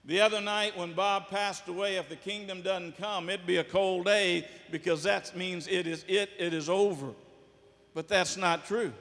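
Pastor, male, folksy preacher with jokes; high voice, echo of a large hall. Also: a bit bright. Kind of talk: sermon. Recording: long hall reverb.

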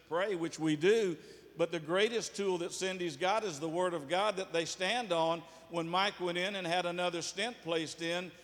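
A man's voice: high voice, fairly bright tone. A man preaching a sermon as pastor, folksy, with asides and jokes. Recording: long hall reverb.

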